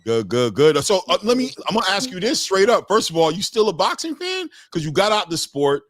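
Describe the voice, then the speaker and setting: A man's voice: high voice, sing-song, brisk, a bit bright, no echo, clean studio sound. A man hosting a casual interview, playful and teasing, asking direct questions. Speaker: host.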